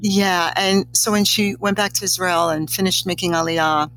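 A woman's voice: lowish voice, fairly even intonation, normal speed, a bit bright, a little hiss or hum, poor audio. A middle-aged woman, a guest on an interview show, telling a personal story in a reflective, slightly teary way. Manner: emotional, reflective, a little teary.

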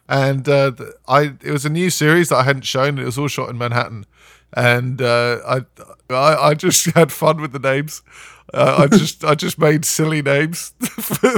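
Halting man, dry close sound. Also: mid-range voice, a bit bright, no room sound. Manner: halting, many restarts, laughs often. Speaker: photographer. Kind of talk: casual chat.

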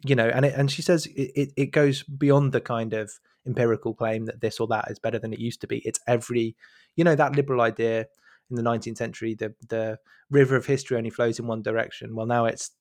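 Male co-host, mid pitch, halting, hunts for words, dry sound. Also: steady tone, a little mellow, no room sound. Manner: groping for words, many restarts. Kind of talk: casual podcast discussion.

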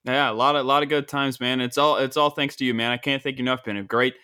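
A man's voice: medium pitch, level tone, sharp tone, smooth, dry recording, studio quality. Young man telling jokey stories. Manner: jokey, storytelling, quick laughs. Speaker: comedian and podcast host. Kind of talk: casual chat with his father. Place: room at home.

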